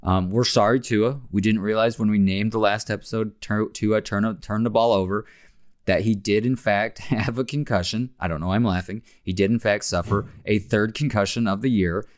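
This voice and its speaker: Low-voiced man hosting a sports podcast. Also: normal speed. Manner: relaxed, many "um" fillers, chatty. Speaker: podcast host. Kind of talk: casual sports podcast chat.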